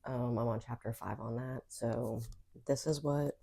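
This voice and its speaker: Low, gravelly-voiced woman vlogging casually. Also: steady tone, measured pace, warm tone. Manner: chatty, rambling, many fillers and asides. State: hiccups. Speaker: book vlogger. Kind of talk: casual vlog chat. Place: bedroom at home.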